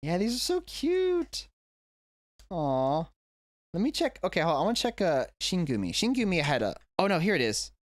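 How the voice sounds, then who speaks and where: A man's voice: high-pitched, wildly swooping pitch, moderate pace, dry recording, clean studio sound. A man, an English teacher, talking through a reaction video at home in a rambling, self-correcting way. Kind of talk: casual reaction vlog. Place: indoors at home.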